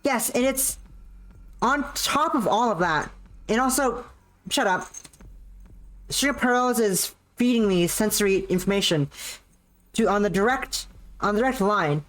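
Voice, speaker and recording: A streamer reading as a cocky young woman pilot from a sci-fi visual novel, blunt and taunting, lobbing jabs at her rival without a second thought. The voice sits a touch higher and livelier than the reader's own. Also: animated, measured pace, pauses often, fairly bright tone. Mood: queasy, snappish. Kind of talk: visual novel dialogue read aloud.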